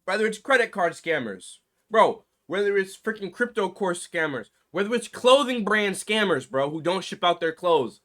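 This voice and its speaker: A man's voice: high voice, expressive, normal speed, a bit bright. A man giving casual reaction commentary, slangy and full of "bro". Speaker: commentary creator.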